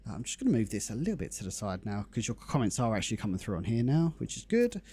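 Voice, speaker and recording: A man's voice: on the low side, big pitch swings, fast talker, dark tone, slight background noise. A young man hosting a game live stream, chatting casually and greeting viewers in the chat by name. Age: young adult. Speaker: livestream host.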